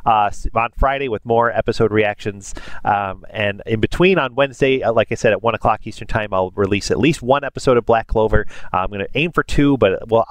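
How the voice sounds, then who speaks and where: A man's voice: lowish voice, no echo. A man hosting anime reactions in casual commentary, emotional and gushing, with many fillers. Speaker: anime reaction channel host.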